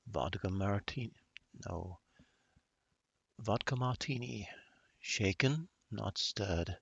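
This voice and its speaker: A man's voice: slow pace, creaky, a bit bright, husky, no echo, muffled recording, heavily acted. A man voicing a haughty, snobby man in a put-on British accent, clipped and dry. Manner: haughty, clipped, ends lines low.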